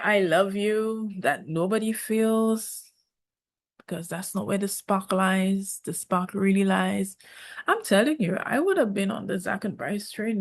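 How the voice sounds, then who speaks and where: A woman gives a casual, sassy review of a reality TV season. She talks sarcastically and mimics people in mocking quoted voices. Her pitch sits in the middle range. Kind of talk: casual vlog commentary.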